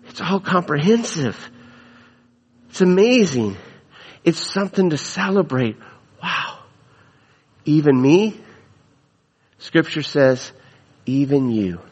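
A man's voice: on the high side, lively intonation, takes it slowly, long pauses, a little mellow, husky. A man preaching a sermon, emphatic, repeating phrases for stress. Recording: long hall reverb.

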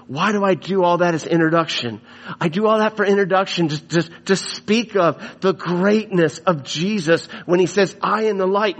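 Emphatic slow preacher in a reverberant hall. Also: male voice, sits high. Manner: emphatic, repeats phrases for stress. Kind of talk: sermon.

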